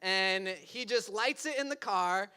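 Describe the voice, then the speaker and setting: A man pastor telling a personal story in a sermon, animated and full of "like" fillers. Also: high voice, unhurried, clean tone.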